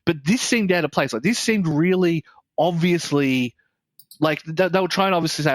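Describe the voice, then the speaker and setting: A man's voice: on the high side, expressive, moderate pace, dry recording. An Australian man co-hosting a game podcast, talking bluntly and rambling with swearing and restarts. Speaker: podcast co-host. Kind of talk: casual chat.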